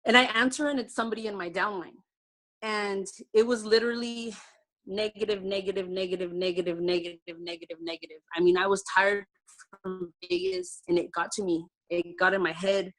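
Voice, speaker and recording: Her mid-range voice is a little bright, and she keeps a moderate pace. As a direct-sales team leader on a video call, she recounts her personal success story in a heartfelt, casual way, with many fillers throughout.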